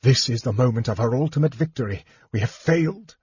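A man's voice: mid-range voice, expressive, brisk, a little mellow, slightly rough, no room sound. A man voicing a male hero in grim despair, sounding hopeless. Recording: dull lo-fi dry recording.

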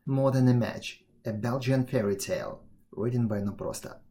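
A man reading a fairy tale aloud as a storyteller, with expressive, measured narration. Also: medium pitch, a little hiss or hum.

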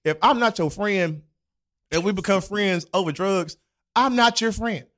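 A man's voice: high-pitched, unhurried, a bit bright. A young man in casual chat, telling a loose, profanity-laced story full of slang and acted-out quotes.

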